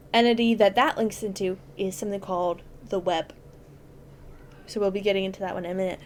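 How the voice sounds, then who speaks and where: A woman's voice: medium pitch, a little mellow, a little hiss or hum. A woman hosting a podcast, chatting casually and explaining at length with enthusiasm and plenty of fillers. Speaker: podcast host.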